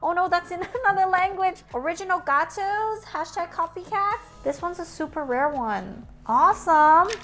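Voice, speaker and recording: A woman's voice: extremely high pitch, expressive, normal speed, hardly any pauses, a bit bright, faint music behind. A woman hosting a casual toy unboxing, bubbly and exclaiming as she talks to viewers like friends.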